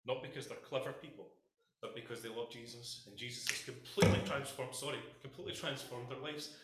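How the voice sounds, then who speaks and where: Impassioned Scottish preacher, echoey hall. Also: male voice, mid-range voice, fairly quick, over a noisy crowd. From Scotland. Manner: impassioned, emphatic, addresses congregation directly. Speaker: pastor. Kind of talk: sermon. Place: church hall.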